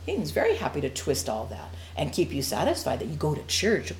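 A woman teaching a Bible sermon in a conversational, animated way, with frequent laughs and asides. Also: low voice, a little fast, slight background noise.

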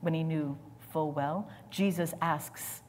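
A woman preacher delivering a sermon with dramatic swings between loud, forceful lines and near whispers. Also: low-pitched, takes it slowly, long reverb tail.

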